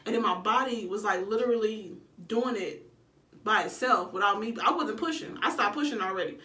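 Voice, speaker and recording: A bright, forceful woman in her own casual storytelling, animated and profane, acting out what she said back then. She is recorded in an echoey room, a bit away from the camera mic. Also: medium pitch, fairly quick, far from the mic. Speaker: vlogger telling her birth story.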